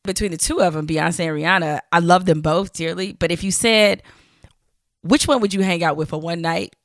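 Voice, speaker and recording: A woman podcast host running a playful, teasing quick-fire game with her guest. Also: fairly low pitch, dry recording, clean studio sound. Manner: playful, teasing, laughs easily. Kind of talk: casual interview chat.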